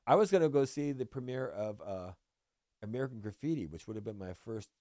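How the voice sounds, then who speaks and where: A man's voice: on the low side, brisk, no echo, clean studio sound. Profane older man telling stories. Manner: animated, profane storytelling with acted-out quotes. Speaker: podcast guest. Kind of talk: casual storytelling chat.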